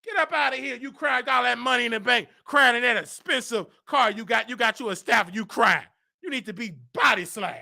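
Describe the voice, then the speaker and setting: A man hosting a comedy show, ranting with exaggerated indignation and bursts of shouting. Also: extremely high pitch, fairly quick, creaky.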